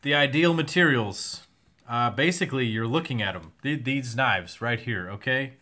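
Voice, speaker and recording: A young man is losing his voice as he works through viewer questions on a relaxed livestream, reading chat aloud and answering with candor and some swearing. He speaks at a moderate pace in a medium-pitched voice that sounds pushed and bright.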